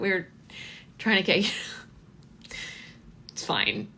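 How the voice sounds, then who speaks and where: A woman's voice: mid-range voice, sing-song, slow pace, fairly bright tone. A woman in her thirties hosting a slime live stream, chatting casually and telling stories with lots of ums. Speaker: slime shop host.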